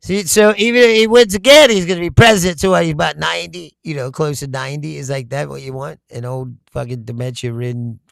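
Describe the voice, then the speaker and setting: A man's voice: fairly high pitch, fairly even intonation, fast, gravelly, few pauses, dry recording, studio quality. A man hosting a casual comedic political talk, rambling and profane, breaking into laughter often. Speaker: political commentary host.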